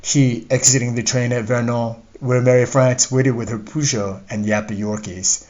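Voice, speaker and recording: A man reads his own memoir aloud in a measured, reflective way. His voice sits at an ordinary medium pitch. The pace is steady and the delivery is unhurried. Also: dull audio. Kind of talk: audiobook narration of a memoir.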